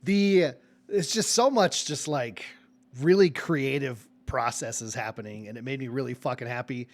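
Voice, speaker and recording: A young man as dungeon master wrapping up a live tabletop game stream, excitable, laughing and swearing freely. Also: medium pitch, moderate pace.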